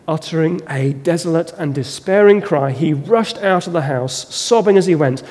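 A man preaching a sermon, telling a story with slow, dramatic delivery. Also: on the high side, animated, darkish tone. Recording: long reverb of a large hall.

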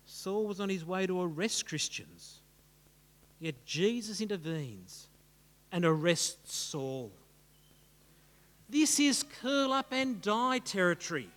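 A man preaching with a high voice and a slow, deliberate delivery. He builds one rhetorical phrase on the next. A long reverb trails after every line, as in a large hall. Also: animated, fairly bright tone. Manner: dramatic, rhetorical, building lists. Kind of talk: sermon.

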